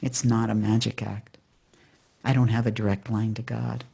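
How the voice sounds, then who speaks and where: A storyteller voicing a gentle, wise old Hasidic rebbe, a man who speaks softly, patiently and without hurry, with a gravelly, husky voice. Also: mid-range voice, flat delivery, pitched below the performer's own voice. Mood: gently teaching. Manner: soft, patient and unhurried.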